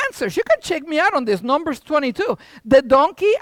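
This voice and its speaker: A man preaching a sermon, retelling a Bible story in a casual, animated way, with sound effects and asides. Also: very high voice, a little fast, few pauses, dry recording.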